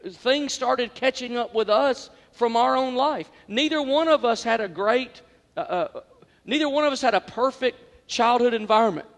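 A man's voice: extremely high pitch, normal speed, long reverb tail. A male pastor preaching an Easter sermon in a church, talking in a conversational, heartfelt way with frequent restarts and repeated words. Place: church sanctuary.

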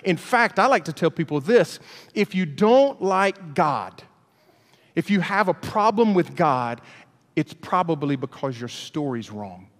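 A man from Alabama, preaching a storytelling sermon in a folksy, animated way. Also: on the high side, unhurried. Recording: long hall reverb.

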